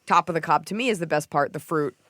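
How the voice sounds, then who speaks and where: A woman's voice: low-pitched, fast talker, fairly bright tone, no room sound, clean studio sound. A woman hosting a podcast in a casual comedic chat, telling stories animatedly, acting out quotes and swearing freely. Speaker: podcast host.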